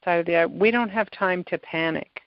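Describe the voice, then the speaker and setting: A woman hosting a podcast, calmly guiding a client through a tapping session step by step. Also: fairly low pitch, brisk, no echo. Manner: calm, coaching, gives step-by-step prompts. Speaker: tapping practitioner and podcast host. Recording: dull, lo-fi sound.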